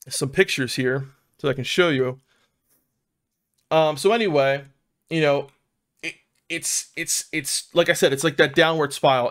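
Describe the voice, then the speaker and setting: A man's voice: on the high side, a bit bright. Profane rambling Philly guy. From South Philadelphia, USA. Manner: rambling and profane, fills with "man" and "dude". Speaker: vlogger telling his own recovery story. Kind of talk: casual personal storytelling.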